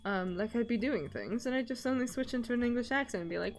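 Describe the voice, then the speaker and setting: A woman's voice: fairly high pitch, big pitch swings, brisk. A woman streamer in casual chat, rambling with many ums and frequent laughs. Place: lives in Scotland.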